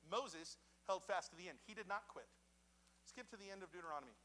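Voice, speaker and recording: Animated, bright-voiced male preacher. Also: high voice, a little fast. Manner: animated, conversational preaching with dramatic voiced quotes. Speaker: pastor. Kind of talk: sermon. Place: church sanctuary.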